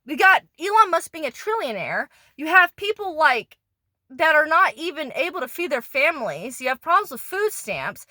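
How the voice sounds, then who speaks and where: A woman's voice: sits high, sing-song, normal speed, pushed and bright, dry recording, clean studio sound. A woman in a profane, rambling, angry rant done as an ASMR monologue, pissed off and disgusted, often stumbling and restarting. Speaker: ASMR creator.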